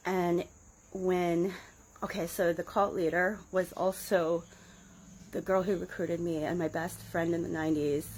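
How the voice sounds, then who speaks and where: A woman's voice: fairly low pitch, level tone, unhurried, a little mellow, slight background noise, poor audio. A woman in her forties telling a rambling, sardonic story to the camera, with frequent laughs and side remarks. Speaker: vlogger recounting her past in a cult. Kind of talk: casual storytelling monologue.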